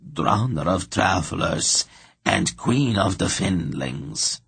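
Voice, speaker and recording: A reclusive swamp witch, calm and faintly bitter, speaking slowly in a deep, husky voice, as a male audiobook reader puts her on. Her tone stays flat and neutral, with a gravelly edge. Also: dry recording, full character voice. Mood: calm, wry. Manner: measured, strangely neutral, slow.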